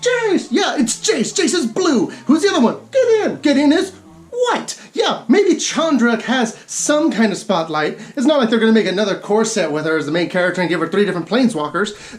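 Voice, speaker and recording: A woman's voice: medium pitch, darkish tone. Ranting woman, sarcastic and emphatic. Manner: exasperated, emphatic, sarcastic, with quick laughs. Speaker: gaming video host. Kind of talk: comedic rant commentary.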